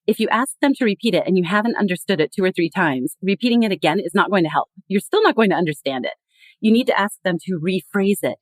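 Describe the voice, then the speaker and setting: A woman's voice: mid-range voice, lively intonation, fast, dry recording. A woman guest in a podcast interview, explaining earnestly and acting out quoted phrases.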